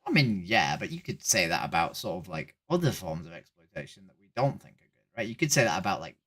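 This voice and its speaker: A woman's voice: very deep voice, very animated, fast talker. A woman streamer, debating strangers on a video chat in a casual, probing way. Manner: argumentative, probing questions, says "right?" a lot.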